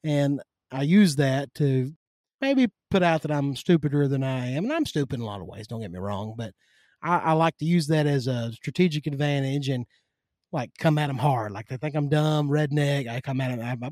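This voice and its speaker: A man with a warm Southern drawl tells stories in a folksy, animated manner, full of down-home sayings. His voice sits a little higher than most men's, and the recording is close and dry. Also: normal speed, dry recording. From Kentucky. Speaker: podcast guest. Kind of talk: casual conversation.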